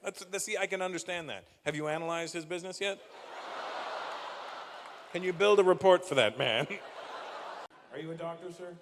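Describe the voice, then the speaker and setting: A man's voice: high voice, normal speed, pauses often, long reverb tail, noisy background. A male stand-up comedian from Canada doing crowd work on stage, firing teasing, profane questions at the audience.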